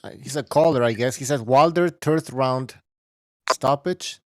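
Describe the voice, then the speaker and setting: A man's voice: medium pitch, a little slow, no echo, studio quality. A man hosting a boxing podcast, loose and joking as he steers the show. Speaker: podcast host. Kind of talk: casual boxing chat, wrapping up show.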